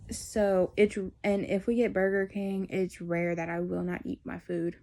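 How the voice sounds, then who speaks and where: A woman's voice: medium pitch, a little slow, few pauses, darkish tone. A teenage woman, telling a personal story in a candid, rambling way. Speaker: vlogger.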